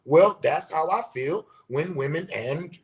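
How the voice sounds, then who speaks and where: Speaking a little slowly in a fairly high voice, this U.S. podcast host delivers a casual, profanity-laced rant. His monologue is emphatic, and he gestures with his hands as he talks.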